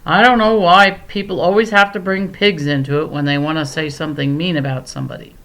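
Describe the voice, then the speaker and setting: A woman voicing a clever, touchy male pig who speaks with quick indignation. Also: sits low, steady tone, fairly bright tone. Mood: indignant.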